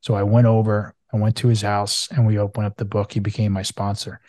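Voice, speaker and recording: A man's voice: on the low side, level tone, brisk, darkish tone, no room sound. A male podcast host telling a personal story in a casual, eager and emphatic way.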